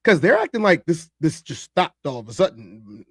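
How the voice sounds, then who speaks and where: A man hosts a live reaction stream, reading comments and talking to his chat. His voice sits high and swings widely as he reacts. The sound is close and dry. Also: moderate pace, slightly rough, no echo. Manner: animated, laughing, talks to chat. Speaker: streamer host reacting to a video.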